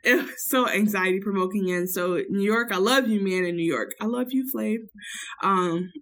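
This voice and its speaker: A woman's voice: medium pitch, moderate pace, fairly bright tone. A woman podcaster in casual recap chat, telling the story with acted-out quotes and plenty of swearing.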